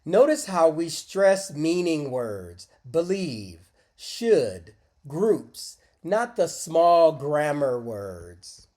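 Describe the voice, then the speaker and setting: A man teaching a short English lesson, speaking deliberately and modeling phrases for learners to repeat. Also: on the high side, a little mellow. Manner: slow, deliberate, encouraging, models phrases aloud for repetition. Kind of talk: scripted micro-lesson with screen demo.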